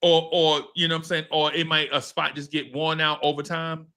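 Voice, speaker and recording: A man's voice: fairly high pitch, fairly quick. A man hosting a podcast, telling a story in casual, slangy chat and acting out what people said. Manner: animated, slangy, swears, acts out quotes. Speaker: podcast host.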